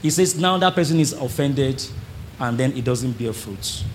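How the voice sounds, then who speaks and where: A pastor with a mid-range male voice preaches a sermon to a congregation at a church service, speaking at normal speed over a faint hiss or hum. His delivery is animated as he acts out churchgoers and calls on the audience to respond.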